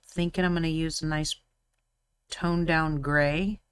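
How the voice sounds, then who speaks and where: A young woman chats casually while painting miniatures on a live stream, laughing and ribbing her partner. Her voice sits a little low. The sound is dry and close, with no room echo. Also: fairly even intonation, a little slow, smooth. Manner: chatty, teasing, laughs often.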